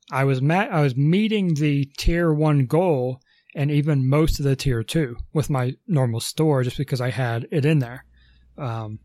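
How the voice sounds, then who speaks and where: A man's voice: on the high side, a little mellow, no echo. A man co-hosting a casual podcast, rambling through long explanations with lots of ums and self-corrections. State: has the hiccups. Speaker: podcast co-host.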